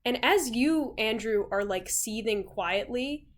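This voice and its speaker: A young woman running a tabletop game, narrating a scene in an unhurried, halting way with many fillers. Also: fairly high pitch, animated. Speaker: game master.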